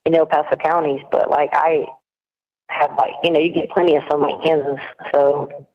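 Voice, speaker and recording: A woman's voice: sits low, flat delivery, normal speed. A woman in a laid-back, teasing phone chat about her day. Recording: tinny prison phone line.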